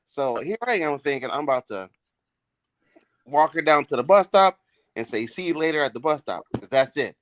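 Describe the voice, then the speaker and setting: Animated profane man telling a story. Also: a little high, normal speed, dry recording. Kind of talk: casual podcast storytelling.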